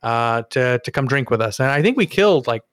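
A man co-hosting a podcast, telling a story in a lively, casual way with some swearing. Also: mid-range voice, brisk, smooth, no echo, clean studio sound. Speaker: podcast co-host.

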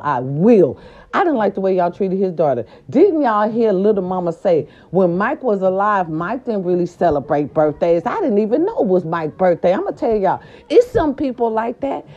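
A woman's voice: mid-range voice, very animated, normal speed, mellow. A woman vlogger in a casual, profane rant, talking straight to her viewers and repeating herself for emphasis. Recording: dull lo-fi recording with faint music. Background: faint background music.

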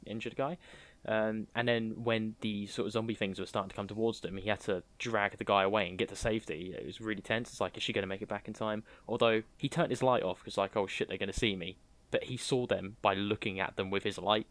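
A man with a somewhat low voice, chatting loosely about horror films. He is playful and talkative and keeps slipping into acted-out bits of scenes. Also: steady tone, fast talker, few pauses, fairly bright tone. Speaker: podcast co-host. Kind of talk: casual film review chat.

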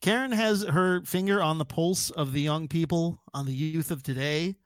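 A man's voice: fairly high pitch, moderate pace, no echo, studio quality. A man playing a tabletop game, sighing often and mock-indignant. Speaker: player. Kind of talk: casual tabletop play.

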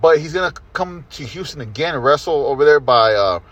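A man telling a rambling, excited story to a friend in casual chat, swearing freely. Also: on the high side, brisk, no room sound, lo-fi sound.

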